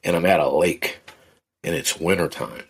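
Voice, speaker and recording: A man, a podcast guest, telling a personal story in a relaxed, rambling way with many fillers. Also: deep voice, moderate pace, slightly rough. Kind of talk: casual conversational storytelling.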